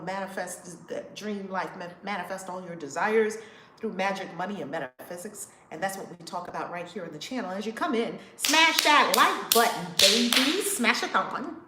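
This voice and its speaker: Woman livestream host, bright tone, effusive greetings, roomy echo, faint room hum. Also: animated, fairly quick. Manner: effusive, greets viewers by name; big swoops in pitch and volume. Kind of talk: casual livestream chat.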